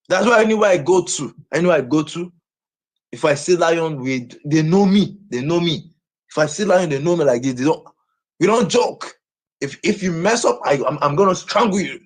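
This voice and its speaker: A man's voice: high voice, slightly rough. A man from Nigeria, talking on a live stream in a boastful way and repeating his words again and again. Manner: boastful, repeats himself over and over.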